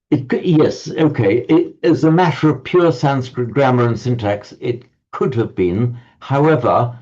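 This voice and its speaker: A man teaching a Sanskrit class online, explaining slowly and often repeating words as he searches for them. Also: medium pitch, dark tone, dull audio.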